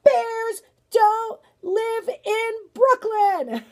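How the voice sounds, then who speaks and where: A woman voicing a bossy, no-nonsense grandmother in a storybook, firm and brisk. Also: high voice, lively intonation. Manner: firm and brisk, then warmly delighted.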